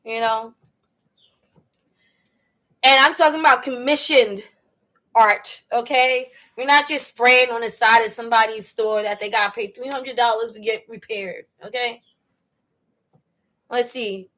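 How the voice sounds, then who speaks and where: A woman's voice: on the high side, unhurried, pauses often, pushed and bright. A woman hosting a casual storytelling livestream, chatty and slangy, often laughing as she answers viewers' questions. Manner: laughs often while telling stories. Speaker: livestream host.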